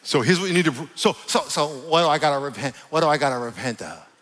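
A man preaching a sermon in a large church, blunt and conversational, with jokes and words slowed down for emphasis. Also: on the high side, animated, a bit bright. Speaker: pastor. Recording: long reverb from a large hall.

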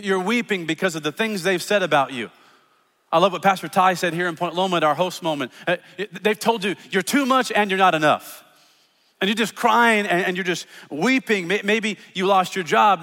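Pastor guy preaching, kinda high voice, earnest, big hall echo. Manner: earnest, repeats words, drops soft for scripture. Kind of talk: sermon. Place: church auditorium. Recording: long hall reverb.

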